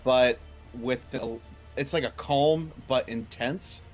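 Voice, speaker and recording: A man's voice: mid-range voice, slow pace, faint music behind. A man chatting casually as a guest, telling a work story in a laid-back, swearing way. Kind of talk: casual chat.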